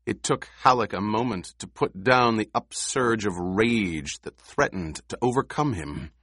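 Slow, low-voiced male audiobook narrator. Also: animated, fairly bright tone, husky, no echo, clean studio sound. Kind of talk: scripted narration.

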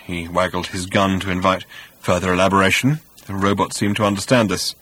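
Husky low-voiced male narrator. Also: fairly even intonation, a little fast, fairly bright tone, dry recording. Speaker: audiobook narrator. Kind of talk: scripted narration.

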